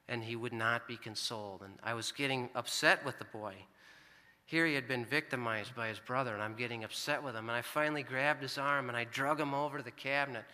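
A man's voice: mid-range voice, fairly quick, sharp tone, clean tone. A middle-aged American man preaching a sermon, telling a family story in an earnest, conversational way. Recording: long hall reverb.

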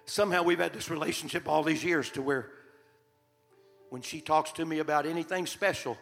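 Gravelly older preacher in a hall. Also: male voice, on the high side, fairly even intonation, fairly quick, fairly bright tone. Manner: heartfelt, earnest storytelling. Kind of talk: sermon storytelling. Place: church sanctuary. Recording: long hall reverb, faint music.

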